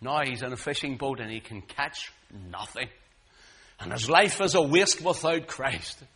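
A man preaching a sermon, swinging dramatically between booming lines and hushed ones. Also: expressive, measured pace, breathy edge.

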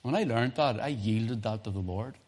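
A middle-aged man with a Northern Irish accent, a pastor preaching a sermon through animated, humorous storytelling. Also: on the low side, moderate pace, husky.

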